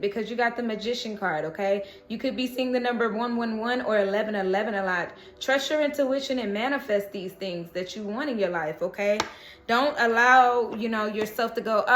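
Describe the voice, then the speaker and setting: A woman's voice: a little high, fairly bright tone, echoey room, a little hiss or hum. Chatty, laughing woman tarot reader. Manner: chatty, laughs often, encouraging. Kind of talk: casual tarot reading.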